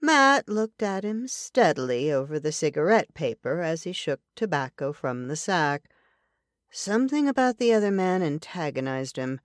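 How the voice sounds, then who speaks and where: A woman narrating a western novel as an audiobook in an even, deliberate storytelling manner. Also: deep voice, no room sound, studio quality.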